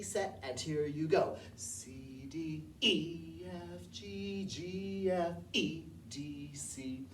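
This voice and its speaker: A woman with a low voice teaches a music lesson, calling out counts and singing up and down a scale. She is picked up from a distance, so her voice carries the echo of a roomy space. A faint background hiss sits under her voice. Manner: cues counts and sings scale notes aloud. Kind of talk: demonstrating a movement and singing lesson. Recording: echoey room heard from a distance.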